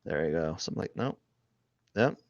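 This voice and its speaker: A man with a low, gravelly voice narrates his drawing on a live stream, rambling as he thinks aloud and restarting his sentences. The sound is dry and a little dull and lo-fi. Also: lively intonation, brisk, dry recording. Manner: rambling, thinking aloud, many restarts, often trailing off quietly.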